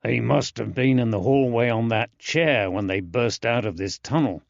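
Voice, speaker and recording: A man's voice: medium pitch, moderate pace, gravelly, no room sound, close to an everyday voice. Wry fatherly man voiced by the narrator, casual, dry slightly dull audiobook sound.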